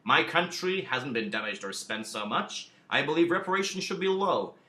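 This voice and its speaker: A man doing a clumsy put-on American accent as a measured American president speaking in first person. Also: on the high side, animated, pushed and bright, echoey room. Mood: earnest. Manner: clumsy imitation, earnest first-person speech.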